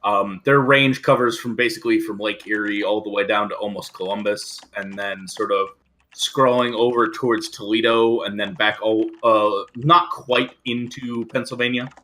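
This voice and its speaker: Male game master narrating a tabletop game; bright voice, halting delivery. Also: fairly low pitch, steady tone. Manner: halting, many fillers.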